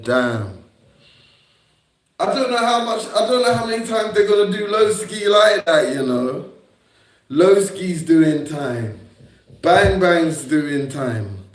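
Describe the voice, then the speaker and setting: Brief: young adult man, livestreamer, slightly high voice, unhurried, combative and repetitive, roomy echo. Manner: confrontational, repetitive, swearing at critics. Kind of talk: rambling livestream monologue. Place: indoor room on a livestream. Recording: echoey room.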